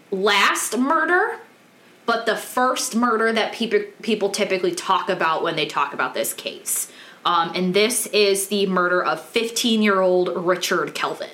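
Chatty bright-voiced woman podcaster, echoey room. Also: mid-range voice. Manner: chatty, candid, swears, many ums. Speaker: true crime podcast host. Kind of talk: casual true crime storytelling.

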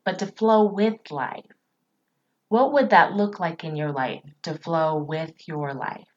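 A woman's voice: medium pitch, highs cut off. A woman hosting a motivational podcast as a coach. She talks straight to her listeners and repeats phrases for emphasis. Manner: warm, encouraging, speaks to listeners directly.

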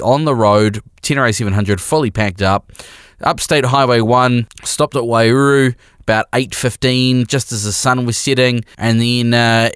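A man's voice: medium pitch, clear, resonant tone, dry recording, clean studio sound. A young man with a New Zealand accent co-hosting a casual podcast, telling a rambling, self-deprecating travel story. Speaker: podcast co-host. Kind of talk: casual chat.

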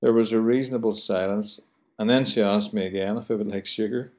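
Belfast man, lowish voice, hosting a chatty radio show with playful mimicry. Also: fairly even intonation, brisk, darkish tone. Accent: Belfast, Northern Ireland. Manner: playful, mimics local phrases. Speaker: radio host.

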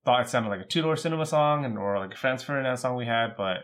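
A man's voice: mid-range voice, fast. Laid-back man co-hosting a podcast. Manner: relaxed, thoughtful music commentary with many fillers. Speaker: podcast co-host. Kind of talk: casual chat.

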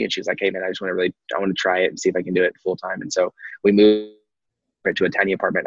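Fast-talking deep-voiced man, husky. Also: a bit bright, no echo, lo-fi sound. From Texas. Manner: candid, rambling with many fillers. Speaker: guest. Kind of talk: personal story in conversation.

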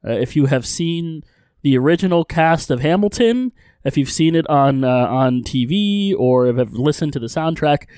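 A man's voice: a little high, lively intonation, moderate pace, darkish tone, clean tone, no room sound, studio quality. Easygoing man recapping a show. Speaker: podcast co-host. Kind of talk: casual chat and episode recap.

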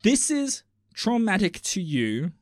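A man streaming and reading online posts aloud, reacting with sudden loud exclamations and casual swearing. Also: high voice, huge pitch swings, slow, no room sound, clean studio sound. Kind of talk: casual chat with commentary.

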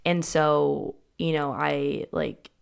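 Low, gravelly-voiced young woman. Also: fairly even intonation, slow pace. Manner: casual, heavy use of "like", frequent restarts. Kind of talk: candid personal storytelling.

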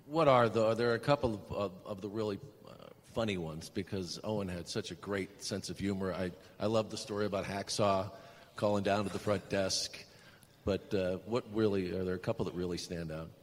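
A man's voice: low-pitched, brisk, slight background noise. A man interviewing a guest on stage, asking questions in a hesitant, restarting way. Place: large event hall stage. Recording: distant mic in reverberant hall.

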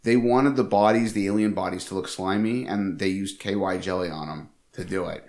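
Gravelly male podcaster, casual and amused, rambling movie talk. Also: low voice, fairly even intonation, fairly quick, darkish tone. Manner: rambling, amused, laughs often. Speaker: podcast co-host.

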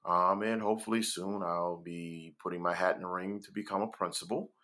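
A man's voice: sits low, steady tone, a little fast, sharp tone. A man in his forties, a guest on a podcast, talking casually and hesitantly with many fillers. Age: 40s. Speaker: podcast guest, school educator.

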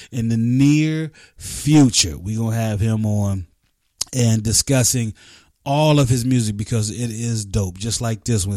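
A man hosts a radio show with an easygoing, rambling flow, piling on slang and casual asides. His voice sits at a mid pitch, and the recording is dry and close, with no room sound. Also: a little mellow, no room sound. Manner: loose, rambling, chatty with vernacular.

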